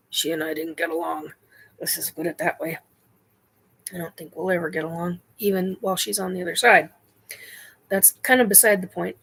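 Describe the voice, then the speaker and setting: A middle-aged woman hosting a spiritual livestream chat, talking in a halting way with many ums and self-corrections while she answers viewer questions. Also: lowish voice, fairly even intonation, gravelly, a bit bright, breathy edge, poor audio.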